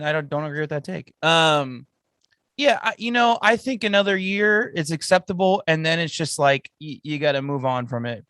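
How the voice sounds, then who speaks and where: A man's voice: a little high, a bit bright, no echo, studio quality. A man co-hosting a sports podcast, talking in blunt, opinionated casual chat. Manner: opinionated and blunt, says "bro". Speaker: podcast co-host.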